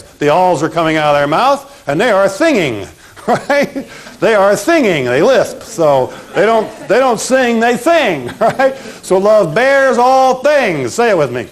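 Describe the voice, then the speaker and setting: Guy teaching a memory trick from pictures, kinda high voice, bounces up and down a lot, punny and playful. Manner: animated, punny, repeats phrases with the audience.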